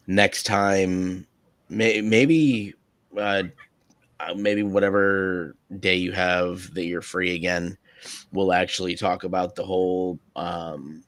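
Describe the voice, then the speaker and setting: A man's voice: low voice, fairly bright tone, no room sound. A man hosting a live stream, chatting casually with a co-host, hesitant and often chuckling. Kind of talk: casual chat.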